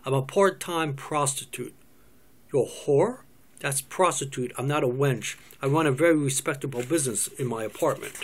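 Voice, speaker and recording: A man's voice: mid-range voice, moderate pace, close to an everyday voice. A man voicing a brash, defensive woman who runs a call business, in a cold reading of a stage script. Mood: defiant. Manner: indignant, cursing rant.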